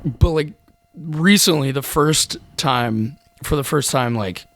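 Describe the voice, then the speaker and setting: A man guesting on a casual podcast, telling a halting story full of "like". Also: on the high side, fairly bright tone. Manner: halting, filler-heavy storytelling.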